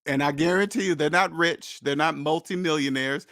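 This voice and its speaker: A man's voice: fairly high pitch, normal speed, fairly bright tone, no echo, clean studio sound. A man hosting a channel in a blunt, lecturing monologue, repeating points for emphasis. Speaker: host. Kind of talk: casual monologue.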